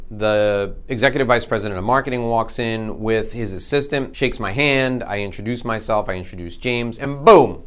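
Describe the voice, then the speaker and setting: A man with a voice on the low side gives a sales training talk. He tells an energetic, self-mocking story in a conversational way.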